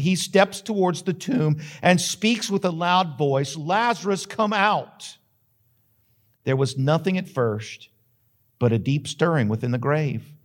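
Dramatic preacher. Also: male voice, fairly high pitch. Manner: dramatic, rising to emphatic questions. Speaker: pastor. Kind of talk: sermon with dramatic storytelling.

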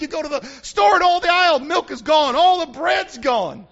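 A male pastor preaching an emphatic sermon that builds to shouts, recorded on a dull lo-fi recording. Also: extremely high pitch, expressive, moderate pace, creaky, hardly any pauses. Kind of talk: fiery sermon.

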